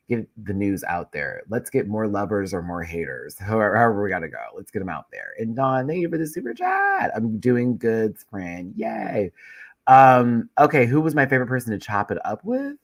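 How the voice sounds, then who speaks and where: A man's voice: on the low side, dry recording. A man hosting a live YouTube stream in a loose, chatty way, stuffy with a head cold and swearing freely as he rambles. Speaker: YouTube recap host. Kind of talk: casual live-stream chat.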